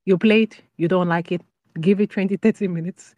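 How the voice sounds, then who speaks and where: A woman on a film podcast panel giving a relaxed, easygoing summary, chuckling as she talks. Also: lowish voice, brisk, no echo. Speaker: panel guest. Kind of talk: casual panel chat.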